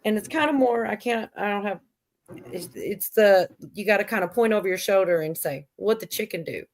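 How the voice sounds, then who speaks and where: A woman's voice: medium pitch, brisk. A middle-aged woman hosting a livestream, telling a corny joke in a rambling, giggly way. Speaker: livestream host. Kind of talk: casual chat, telling a joke.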